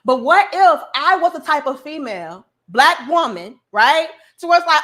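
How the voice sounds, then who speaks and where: A high, bright-toned woman. She delivers a casual but preachy opinion monologue with plenty of emphasis. Her voice sits well above the usual range. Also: lively intonation, moderate pace, hardly any pauses. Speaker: commentary show host.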